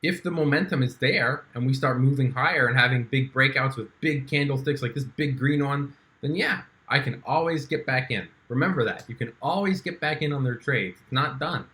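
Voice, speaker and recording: A man's voice: mid-range voice, normal speed, hardly any pauses, bright, forceful tone. A young man walking through his stock trades in a casual, chatty way, with frequent fillers and restarts. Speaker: stock trading YouTuber. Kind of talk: casual screen-share walkthrough.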